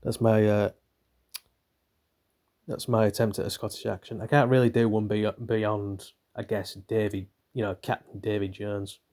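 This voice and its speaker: A man's voice: lowish voice, flat delivery, moderate pace, mellow. A young man, reading a book aloud and breaking off for rambling, irreverent, swearing asides. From northern Britain. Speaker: channel host reading a book. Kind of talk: reading aloud with offhand commentary.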